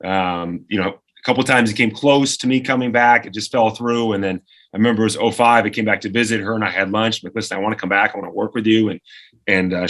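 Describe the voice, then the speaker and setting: Radio co-host in his forties, animated storyteller; bright, slightly husky voice. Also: fairly low pitch. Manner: animated storyteller who acts out quoted voices. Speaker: radio co-host and producer, podcast guest. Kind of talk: lively anecdote-telling in conversation.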